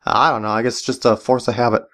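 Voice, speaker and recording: A woman's voice: extremely low pitch, fairly even intonation, quick pace, voice pushed down. A woman voicing an exasperated nerdy gamer guy in a comedy skit, flustered and grudging.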